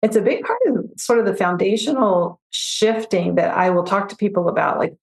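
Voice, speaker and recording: A woman, a financial therapist, talking through her approach in a relaxed podcast conversation, often giving examples and voicing her clients. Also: medium pitch, normal speed, vocal fry, reverberant. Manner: reflective, explains with examples and quoted client voices.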